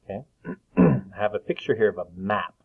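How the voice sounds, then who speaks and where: A man with a lowish voice walks young children through a phonics lesson, slowly stretching out each letter sound. He talks with a patient, steady manner and clears his throat now and then. The recording is thin and tinny, like a phone line. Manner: slow, patient, drawn-out sounds. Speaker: teacher.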